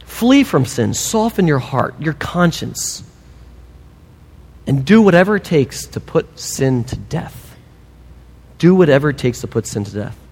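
Animated preacher man in a reverberant hall. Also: a little high, slightly rough. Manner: animated, emphatic, with humorous asides. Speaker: pastor. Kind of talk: sermon.

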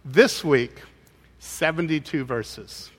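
A man preaching a sermon, telling a story in an animated way with frequent halting restarts. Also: on the high side, husky. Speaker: pastor. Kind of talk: sermon with personal anecdote. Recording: hall with long reverb.

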